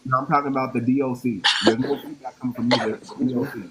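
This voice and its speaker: A man's voice: mid-range voice, steady tone, quick pace, over a noisy crowd, low-quality recording. A man hosting a live online group discussion, talking firmly and keeping control of the floor. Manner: firm, takes charge of the floor. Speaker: host.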